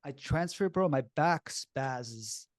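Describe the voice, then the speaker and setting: Animated man telling a story, dry sound. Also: mid-range voice, slow, no room sound. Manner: animated, blunt, swears freely. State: shaky and upset while recalling. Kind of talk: casual personal storytelling.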